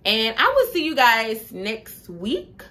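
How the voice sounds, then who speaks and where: A young woman vlogs straight to camera in a loose, chatty way. She is expressive and slangy, and her voice swoops widely. She takes her time and draws her words out. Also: fairly high pitch, slow pace. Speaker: vlogger. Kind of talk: casual chat to camera.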